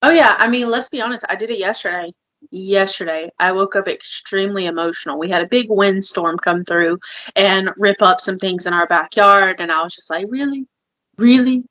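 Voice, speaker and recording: A woman's voice: mid-range voice, fairly even intonation, brisk, bright, forceful tone, dull audio. A woman co-hosting a podcast, talking candidly and chattily. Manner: candid and chatty, with small laughs. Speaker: podcast co-host. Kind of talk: casual chat.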